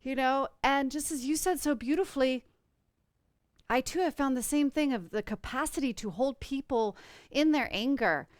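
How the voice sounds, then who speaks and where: A woman's voice: high-pitched, lively intonation, normal speed, no room sound, clean studio sound. A woman hosting a podcast in an earnest, flowing spiritual chat, full of "you know" fillers. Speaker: podcast host.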